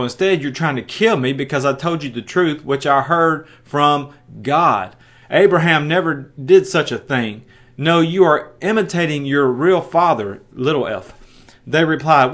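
A man's voice: medium pitch, moderate pace, fairly bright tone. A man preaching a sermon, reading scripture aloud and breaking in with emphatic, punchy asides, often stumbling over and repeating words. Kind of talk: sermon with Bible reading and commentary.

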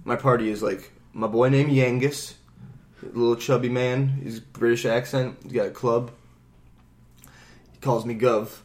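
A man's voice: mid-range voice, steady tone, unhurried, pauses often, darkish tone. A man co-hosting a podcast, rambling casually about a video game, swearing freely and acting out bits of dialogue. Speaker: podcast co-host.

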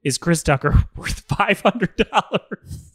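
A man's voice: expressive, takes it slowly, a bit bright, husky, no echo, studio quality. A man co-hosting a podcast in casual chat, joking and laughing often. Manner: joking, laughs often, quotes movie lines in a higher voice. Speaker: podcast co-host.

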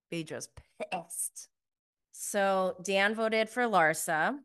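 Woman vlogger recapping a show; slow, bright, emphatic delivery, laughs easily. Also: medium pitch, lively intonation, clean tone. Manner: chatty, emphatic, laughs often, filler "like". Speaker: TV recap reviewer. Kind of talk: casual recap commentary.

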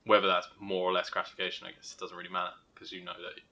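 A young man co-hosting a podcast, thinking aloud in casual chat with restarts and soft laughs. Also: low voice, monotone, racing. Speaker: podcast co-host.

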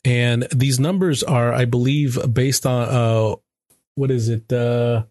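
A man's voice: mid-range voice, fairly even intonation, slow pace, darkish tone, dry recording, studio quality. A man hosting a talk show, casually walking viewers through a chart.

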